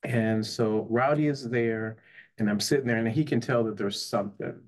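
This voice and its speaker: A man's voice: fairly low pitch, moderate pace. A man, a psychotherapist and life coach, telling an emotional personal story in earnest, often checking in with "right?" and "you know". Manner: earnest, tag questions, frequent "you know".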